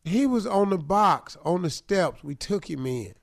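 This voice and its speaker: Radio host, male, teasing banter, lively delivery. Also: high-pitched, unhurried, creaky. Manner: teasing, joking. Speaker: radio morning show host.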